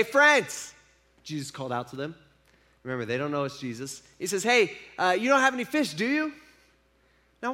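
A man's voice: a little high, a bit bright. A man preaching a casual sermon, retelling a story and acting out the speakers' lines in an everyday voice. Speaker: pastor.

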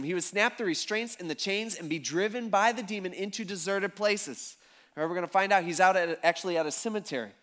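A man preaching a sermon as pastor, telling the story in a casual, animated way with slang. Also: high voice.

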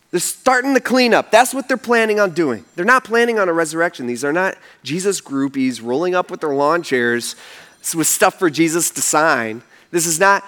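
A man's voice: sits high, fairly bright tone. A man preaching a sermon in a casual, conversational storytelling style, full of "like" and "you know". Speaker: pastor.

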